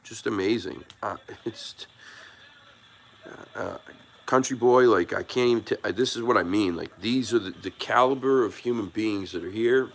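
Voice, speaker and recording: A man's voice: on the low side, moderate pace. A man hosting a casual live stream, thanking viewers by name and talking earnestly in a rambling way with many restarts, moved by the support. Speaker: YouTube live stream host.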